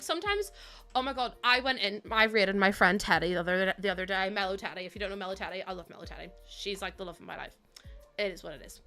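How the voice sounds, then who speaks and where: Bright, chatty woman streaming. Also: medium pitch. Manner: chatty, giggly, addresses viewers as bestie. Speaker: game streamer. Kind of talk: casual live-stream chat.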